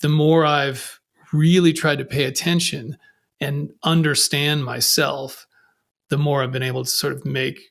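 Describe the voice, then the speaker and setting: A man hosting a podcast, chatting in a relaxed, frank way with fillers. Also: on the high side, measured pace, creaky. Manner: relaxed, frank, drops in fillers like "you know". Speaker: podcast host. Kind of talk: casual conversation.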